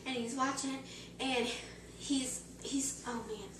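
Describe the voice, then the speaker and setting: A woman's voice: sits high, steady tone, slow pace. A teenage girl telling a long joke to friends in a chatty, rambling way, full of "like" and "he's like". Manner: chatty, filler-heavy storytelling. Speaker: joke teller. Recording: far-off echoey room with loud background noise.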